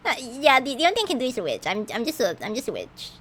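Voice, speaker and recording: A woman streamer chatting casually over her gameplay, giggly and animated, often tripping over her words and restarting. Her voice sits fairly high and swings widely in pitch. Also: very fast.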